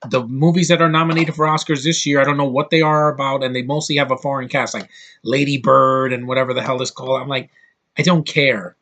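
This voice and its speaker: A man from the United States giving a casual, opinionated movie review straight to camera, blunt and quick to swear. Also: medium pitch, flat delivery, fairly bright tone. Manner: blunt, opinionated, swears often, mocking voices.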